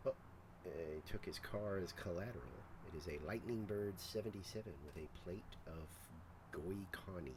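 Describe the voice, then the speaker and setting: A man's voice: low voice, moderate pace. A man streaming a game, talking casually to himself and laughing as he plays. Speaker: gaming streamer. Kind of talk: casual gameplay commentary. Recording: rain noise behind.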